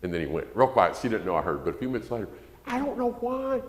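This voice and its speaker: A man's voice: animated, racing. Folksy preacher man in an echoey hall. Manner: folksy, acts out quoted parents in a shrill voice. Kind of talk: sermon lesson to a congregation.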